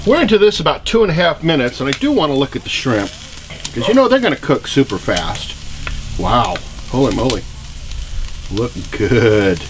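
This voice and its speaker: A man's voice: mid-range voice, sing-song, normal speed. A man hosting a casual cooking vlog, talking upbeat and straight to viewers while he grills outdoors on a cold, windy day. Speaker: grilling channel host. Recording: outdoor recording with loud grill sizzle. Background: food sizzling on the grill.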